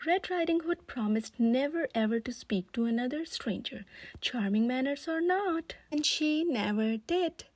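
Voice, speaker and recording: A young woman, a channel host, reading a children's storybook aloud with gentle, expressive storytelling. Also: high voice, unhurried.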